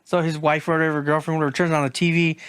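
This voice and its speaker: A man's voice: a little high, flat delivery, rapid-fire, a bit bright, clear, resonant tone. A man co-hosting a podcast in casual chat, telling loose, rambling stories about home life. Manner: loose, rambling anecdote-telling with filler words. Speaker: podcast co-host.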